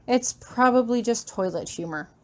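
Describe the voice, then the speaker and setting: A woman's voice: fairly high pitch, lively intonation, normal speed, a little mellow, slight background noise, natural voice. A woman voicing a stern older male professor who speaks dryly and curtly, in a fan fiction reading. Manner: dry, curt.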